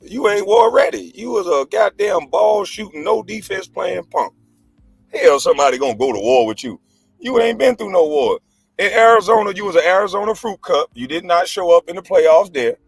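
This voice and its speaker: Combative man with an animated, mocking voice. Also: high voice, normal speed, gravelly, slightly rough, faint music behind. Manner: mocking, profane, combative, laughs scornfully. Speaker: livestream host, former pro basketball player. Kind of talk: heated casual rant.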